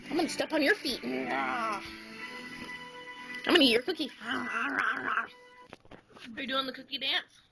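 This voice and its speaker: A woman's voice: sits high, a little slow, vocal fry, long pauses, poor audio. A woman filming her small nieces at home, teasing and playing with them in casual chatter. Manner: playful, teasing, talks to small children. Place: home, indoors. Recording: home video with TV music behind.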